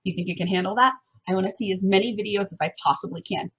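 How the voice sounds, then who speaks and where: A woman's voice: mid-range voice, rapid-fire, a bit bright, breathy edge. A woman music teacher giving an encouraging online lesson to first graders, sometimes singing the song examples.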